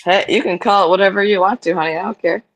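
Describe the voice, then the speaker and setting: A man from the United States co-hosting a live chat, rambling with halting starts. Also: high voice, fairly even intonation, vocal fry, fairly bright tone. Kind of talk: casual chat.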